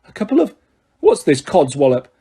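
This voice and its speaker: Blustering middle-aged bully of an uncle, bellowing, mellow husky tone, voiced by a man. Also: a little high, wildly swooping pitch, moderate pace, full character voice. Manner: bellowing, raging.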